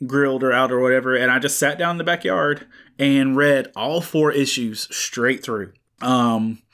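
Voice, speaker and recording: Raspy-voiced man rambling about comics. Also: mid-range voice, a bit bright. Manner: rambling, many fillers and restarts. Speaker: podcast co-host. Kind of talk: casual comic book chat. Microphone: studio microphone.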